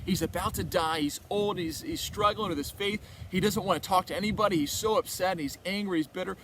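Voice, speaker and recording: A man's voice: high-pitched, a little fast, fairly bright tone, slight background noise. A caring nun who won't take no for an answer, pleading and insistent, as a man telling a story puts on her voice. She urges someone again and again, in a light storytelling voice. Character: persistent caring middle-aged nun, woman.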